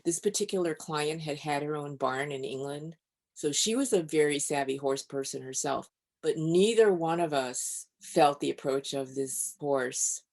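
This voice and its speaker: In a low-pitched voice, this woman, a doctor who also writes books, shares stories at an even, unhurried pace while being interviewed as a podcast guest.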